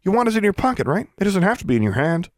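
A man voicing a sharp, confident teenage witch. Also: high voice, sing-song, racing, no room sound, studio quality, pitched above the performer's own voice. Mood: explaining. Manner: patient, matter-of-fact explaining.

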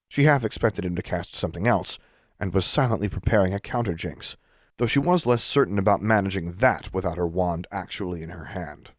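A man narrating a fantasy story in steady, scripted storytelling. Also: deep voice, brisk, dry recording, studio quality. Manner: steady storytelling, lively intonation. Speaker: audiobook narrator.

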